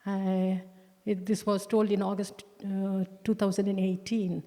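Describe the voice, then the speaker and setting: A woman of middle pitch gives a personal testimony in church. She speaks earnestly and haltingly, restarting phrases and slowing down to stress key words. Her voice carries a long reverb from the hall. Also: little pitch movement, warm tone. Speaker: church member giving testimony.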